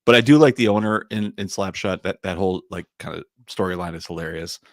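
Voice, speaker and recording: A man co-hosting a podcast in casual chat, quick and sweary. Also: low-pitched, no echo, clean studio sound. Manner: quick, sweary, laughs along. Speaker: podcast co-host.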